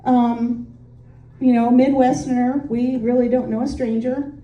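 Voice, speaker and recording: A woman's voice: on the high side, little pitch movement, measured pace, dull audio. A woman from Indiana doing stand-up, telling stories in a chatty, self-deprecating way with lots of "um"s. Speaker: stand-up comic. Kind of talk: stand-up comedy set. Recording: echoey room, voice from a distance.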